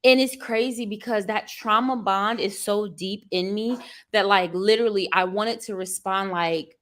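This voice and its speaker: A woman's voice: mid-range voice, normal speed, fairly bright tone. A woman vlogger chatting candidly with her live viewers, venting with lots of fillers and calling them y'all. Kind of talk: casual chat with live viewers.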